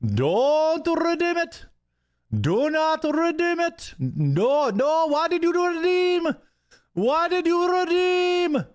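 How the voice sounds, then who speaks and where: A man on a played stream clip doing an exaggerated, shrill put-on voice, shouting insistently. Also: very animated, slow, dry recording, studio quality, full character voice. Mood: frantic.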